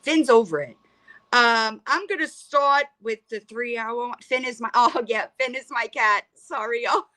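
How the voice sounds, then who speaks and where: A woman's voice: on the high side, a little slow, pushed and bright. A middle-aged woman hosting a livestream, ranting bluntly and profanely and rambling with frequent restarts. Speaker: livestream host. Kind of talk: casual livestream rant.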